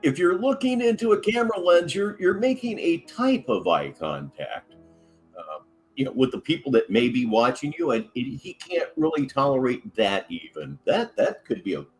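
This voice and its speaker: Male reaction host, crude and mocking, very lively intonation. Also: on the high side, moderate pace, faint music behind. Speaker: commentary host. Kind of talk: reaction commentary.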